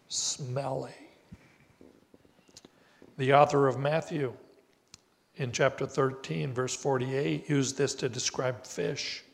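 An older man preaching a sermon as pastor, slow and deliberate with emphatic rises on key words. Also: mid-range voice, creaky. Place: church sanctuary. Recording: reverberant church hall.

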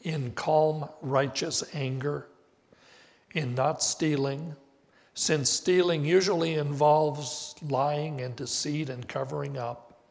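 Slow-preaching older man in a church hall. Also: fairly high pitch, gravelly. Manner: slow, deliberate preaching with emphatic rises. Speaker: pastor. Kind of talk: sermon. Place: church sanctuary.

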